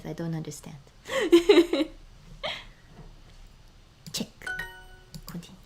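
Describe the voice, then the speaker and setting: A woman's voice: medium pitch, expressive, a little mellow, soft background music. Sex: woman. Role: streamer. Style: casual live chat, mumbles and whispers words under her breath, frequent laughter. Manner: sounds out words slowly, drops to murmurs and whispers; laughs often between phrases.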